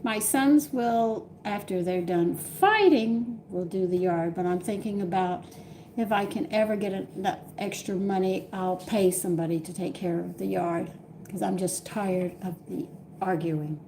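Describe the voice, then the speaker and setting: A woman's voice: medium pitch, unhurried, dark tone, slight background noise. An older woman hosting a home cooking live stream, chatting with viewers and telling exasperated stories from home. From Texas. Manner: chatty, exasperated storytelling with laughs. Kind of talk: casual live-stream chat.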